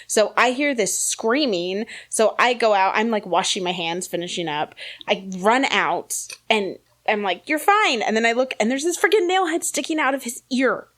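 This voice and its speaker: A woman in her thirties, podcast co-host, telling a story in a casual, animated way and laughing often. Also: on the high side, normal speed. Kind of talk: casual chat.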